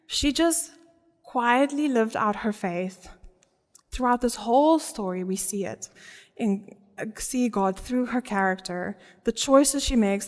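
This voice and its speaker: A woman preaching a sermon in a church, earnest, often laughing and stressing key words. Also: mid-range voice. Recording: long reverb of a church hall.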